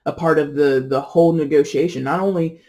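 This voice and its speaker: A tarot reader talks through a reading in a loose, chatty ramble. They laugh often and stop to correct themselves. The tone is mellow and soft. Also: medium pitch, fairly even intonation, a little fast. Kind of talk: casual tarot reading monologue.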